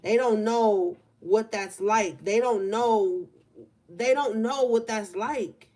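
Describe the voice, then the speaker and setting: A young woman gives a collective tarot reading in a relaxed, conversational way, leaning on certain words and slowing down to stress them. Her voice sits slightly high, and she talks from a room by an open window. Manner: casual, conversational, drawn-out emphasis. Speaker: tarot reader.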